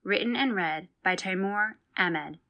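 A woman giving a crisp, scripted introduction to a short story. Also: mid-range voice, a little slow, highs cut off. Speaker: announcer.

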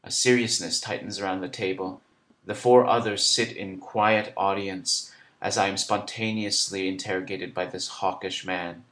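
Low-voiced man reading a literary story. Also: fairly even intonation, normal speed, a bit bright. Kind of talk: literary first-person narration.

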